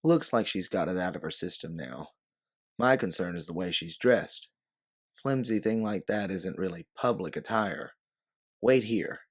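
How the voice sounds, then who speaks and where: A man voicing a brisk, quick-witted woman time-traveler who barks orders and sometimes puts on a syrupy Southern act. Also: low voice, expressive, slightly rough, full character voice. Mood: urgent. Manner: commanding, yelling orders.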